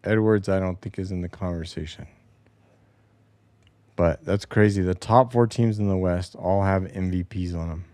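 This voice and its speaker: A man talking through the standings and schedule as the host of a casual sports show, rambling and opinionated with some swearing. His voice sits on the low side. The sound is dry and close, from a home basement. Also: steady tone, moderate pace, darkish tone, no room sound. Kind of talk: casual solo sports commentary.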